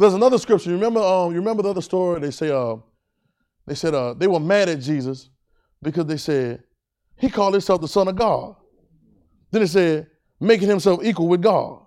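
A man's voice: high-pitched, fairly quick, darkish tone. Dynamic call-and-response preacher man. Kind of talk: sermon.

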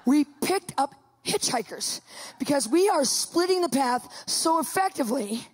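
A woman with a high voice tells a funny story to listeners. She is animated and emphatic, and she leans into every dramatic turn of her retelling. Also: a little slow. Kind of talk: comic storytelling monologue.

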